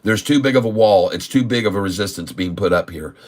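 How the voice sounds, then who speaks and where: A man's voice: lowish voice, a little fast. A man hosting a stock trading livestream, talking emphatically, repeating his points and calling the audience "folks.". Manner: emphatic, repeats himself, keeps addressing "folks". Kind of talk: casual market commentary.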